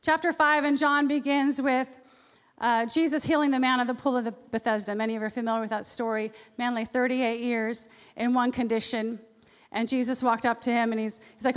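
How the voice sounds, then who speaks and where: Woman pastor, sermon, fairly high voice, animated, long hall reverb. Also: fairly quick. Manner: animated, acts out quoted voices. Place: church sanctuary.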